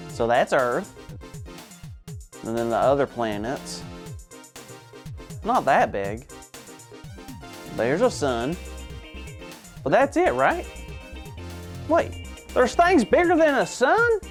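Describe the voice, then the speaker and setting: A man's voice: fairly high pitch, very animated, slow, long pauses, faint music behind. A man hosting a kids' church show in a chirpy, over-eager comic way.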